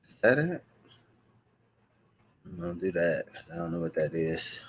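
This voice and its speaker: A man's voice: low-pitched, animated, moderate pace, slight background noise. A man hosting a live stream show, chatting casually, greeting viewers by name and repeating his welcomes.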